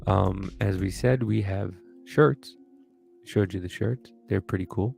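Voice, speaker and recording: Gravelly man co-hosting a podcast. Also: measured pace, faint music behind. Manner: profane, animated, jumps into a high yell when worked up. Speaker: podcast co-host. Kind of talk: casual podcast chat.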